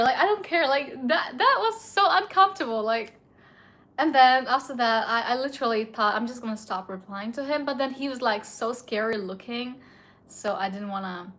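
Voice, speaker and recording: Young woman, high voice, casual indignant storytime vlogger. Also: a bit bright. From India. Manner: chatty, indignant, heavy use of filler "like".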